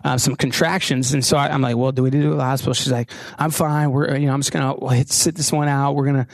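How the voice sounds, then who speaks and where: A man in his thirties preaching a sermon and telling a personal story, self-deprecating and halting, with frequent restarts. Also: mid-range voice, little pitch movement, gravelly, no echo. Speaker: pastor.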